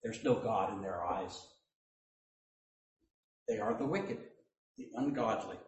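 A man preaching a sermon as pastor, slow and deliberate, with joking asides. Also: on the low side, muffled recording. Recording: echoey hall, mic at a distance.

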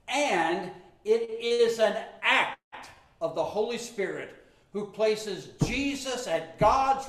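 A male pastor preaching a sermon, telling the story with animated storytelling and joking asides. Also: high-pitched. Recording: echoey room.

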